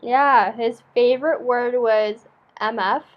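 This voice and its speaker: A woman co-hosting a casual chat, making playful, quick asides. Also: fairly high pitch, steady tone. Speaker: co-host. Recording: dull, muffled audio.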